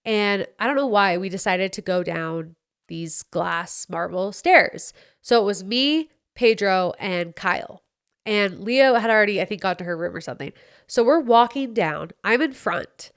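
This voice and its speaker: Young american woman podcasting, chatty, acts out the quotes, middle-pitched voice. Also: measured pace. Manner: animated, chatty storytelling, reenacts quotes. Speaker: podcast host. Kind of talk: casual storytelling chat.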